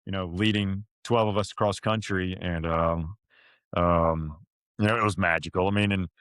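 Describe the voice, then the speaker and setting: Deep-voiced man telling his story. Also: steady tone, a bit bright, clean tone, no echo. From Florida, USA. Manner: halting, many restarts and fillers, choked up. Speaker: podcast guest. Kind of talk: emotional storytelling.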